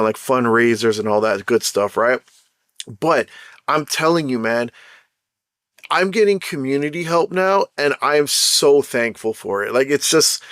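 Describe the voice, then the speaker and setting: A man with a Jamaican accent hosting his own podcast, talking in a blunt, chatty, animated way full of slang. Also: mid-range voice, smooth, dry recording, clean studio sound. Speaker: podcast host. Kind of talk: casual solo podcast talk.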